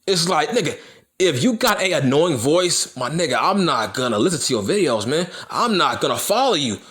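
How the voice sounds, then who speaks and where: Speaking in a slightly high, sing-song voice with a fairly bright tone, this man delivers a profane wrestling rant to his viewers at a moderate clip. As a wrestling YouTuber, he repeats himself for emphasis while he fumes on camera.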